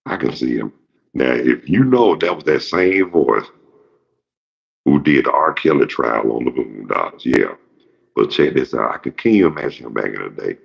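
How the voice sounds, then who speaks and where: A rumbling low voice with a creaky, breathy edge and lively intonation moves at a moderate pace. It's a show host in his fifties, rambling through a casual, joking monologue full of swearing, captured in dull lo-fi sound.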